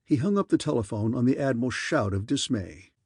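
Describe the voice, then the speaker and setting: A man narrating a science fiction audiobook in a steady storytelling manner. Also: mid-range voice, fairly quick, breathy edge, no room sound, clean studio sound. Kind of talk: scripted narration.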